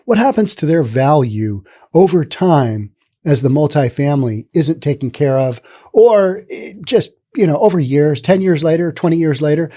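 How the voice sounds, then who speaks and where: A man's voice: on the high side, warm tone. A man hosting a news commentary show, talking casually and rambling with sarcastic asides.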